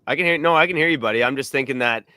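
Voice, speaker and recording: A man co-hosting a podcast, explaining things in a measured way. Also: mid-range voice, bright, forceful tone, no echo. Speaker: podcast co-host. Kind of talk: casual podcast analysis.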